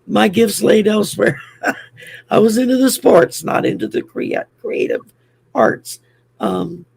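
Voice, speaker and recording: An older woman with a French accent hosts a casual livestream, rambling through greetings with plenty of ums and self-teasing. Her voice is deeply gravelly with heavy vocal fry and a raspy, husky edge. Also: darkish tone. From France. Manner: rambling, chatty, many ums, laughs at herself. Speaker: host.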